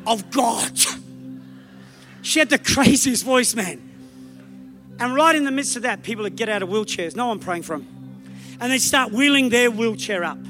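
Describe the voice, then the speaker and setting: Australian male revival preacher, high bright tone, fervent, faint music under him. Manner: fervent, rapid storytelling building to shouted calls. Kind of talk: revival sermon. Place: church meeting. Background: soft music from musicians.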